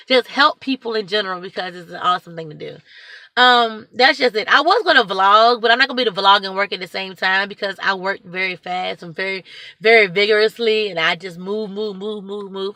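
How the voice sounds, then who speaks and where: A woman who volunteers at a church food pantry, talking to camera in a chatty, excitable, rambling way. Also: medium pitch, no echo. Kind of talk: casual talk to camera.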